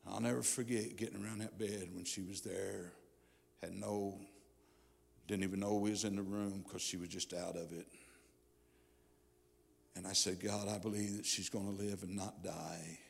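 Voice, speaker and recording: A middle-aged male pastor giving a sermon testimony in a church, his delivery swinging from hushed to fervent. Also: low-pitched, fairly even intonation, moderate pace, gravelly, pauses often, husky. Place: church sanctuary. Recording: long hall reverb.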